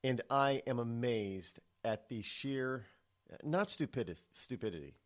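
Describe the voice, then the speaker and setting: A man's voice: medium pitch, expressive, measured pace. A man hosting a live morning call-in talk radio show, rambling with fillers and restarts as his anger shows. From New England, United States. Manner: chatty, then angry, with many fillers and restarts.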